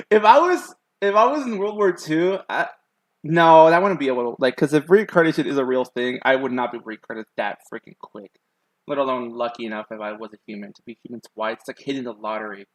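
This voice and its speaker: With a fairly high voice and no room sound, a young man rambles casually to his viewers as he streams his drawing, leaning heavily on ums and likes.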